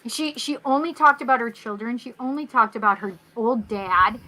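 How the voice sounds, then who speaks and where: Bright-voiced woman telling a story. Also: a little high, moderate pace, poor audio. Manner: animated, acts out voices in quotes. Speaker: guest. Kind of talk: casual storytelling.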